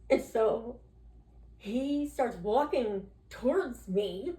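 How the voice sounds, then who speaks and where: A woman sits for an interview and tells her story in a loose, candid way, stacking up "you know" and "like" and slipping into the voices of the people she quotes. Her voice sits in a middle pitch. The room around her gives a noticeable echo. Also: a little mellow. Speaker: podcast guest telling her recovery story. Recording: roomy echo.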